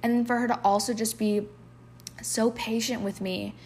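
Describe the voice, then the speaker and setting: A woman's voice: fairly high pitch, flat delivery, normal speed, a little mellow, husky, faint music behind. A woman hosting a podcast, telling a candid personal story full of "like" fillers and reading poems aloud, sometimes dropping to a whisper. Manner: emotional, confessional, with frequent filler "like". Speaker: podcast host.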